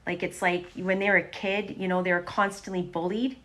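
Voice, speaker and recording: Casting: woman, lowish voice, chatty livestream tarot reader who repeats herself, phone or webcam mic. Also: flat delivery, fairly quick, a bit bright. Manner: chatty, repetitive, talks to the camera.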